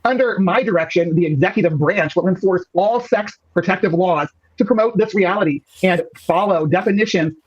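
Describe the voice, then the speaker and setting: A man's voice: sits high, a little fast, few pauses, lo-fi sound. A man hosting a podcast, reading a document aloud with a playful, teasing delivery. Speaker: podcast host.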